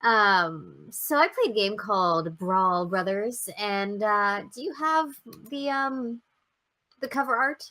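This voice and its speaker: A woman's voice: mid-range voice, lively intonation, slow pace, bright, forceful tone. A woman co-hosting a casual chat about retro games, making dry, wry remarks. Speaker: podcast co-host.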